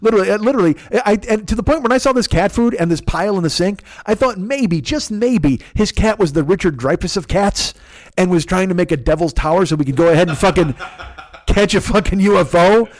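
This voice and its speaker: A man's voice: sits high, animated, fairly quick, dry recording. A man in his forties hosting a podcast, telling a rambling, profane, self-mocking comic story into a close microphone. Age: 40s. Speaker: podcast host. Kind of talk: solo comedic storytelling. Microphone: close podcast mic.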